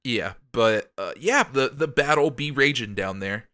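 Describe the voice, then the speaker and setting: A man's voice: mid-range voice, expressive, measured pace, pushed and bright. A man co-hosting a podcast, rambling upbeat through comic plot recaps with lots of fillers. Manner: rambling, many ums and likes, upbeat. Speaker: podcast co-host. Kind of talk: casual comic recap chat.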